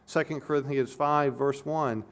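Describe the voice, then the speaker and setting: A man's voice: medium pitch, fairly even intonation, unhurried. A man preaching a sermon as pastor, explaining scripture earnestly, with emphatic repetitions and frequent restarts.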